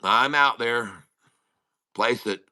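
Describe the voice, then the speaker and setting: Middle-aged guy livestreaming trades from home, bright forceful voice, slight lisp sound, chatty and mutters a lot. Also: mid-range voice, slow pace. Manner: chatty, mutters while fixing his audio; lisping sound he blames on his audio. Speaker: day-trading livestream host. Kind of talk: casual live-stream chat.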